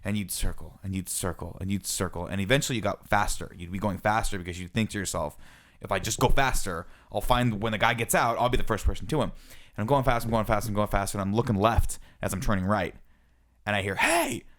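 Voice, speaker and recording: A young man with a somewhat low voice rattles through a story on a casual podcast. He talks quickly and acts out what each person said. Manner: animated storyteller, acts out quoted lines. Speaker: podcast co-host.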